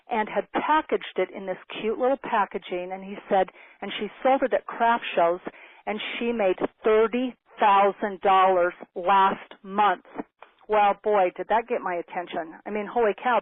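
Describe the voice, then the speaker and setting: Woman in her fifties, lively storyteller speaker, lo-fi phone-band audio, dry. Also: medium pitch, no room sound. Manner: animated, acts out quoted dialogue. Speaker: motivational speaker. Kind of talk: personal storytelling talk. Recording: tinny phone-like, dry sound.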